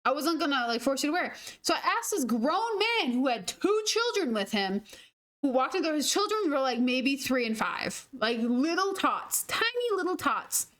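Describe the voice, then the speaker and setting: A woman's voice: high voice, big pitch swings, normal speed, a bit bright. A young woman streaming a game, chatting casually and telling stories with laughs and the odd swear. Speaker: gaming streamer. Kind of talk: casual storytelling while gaming.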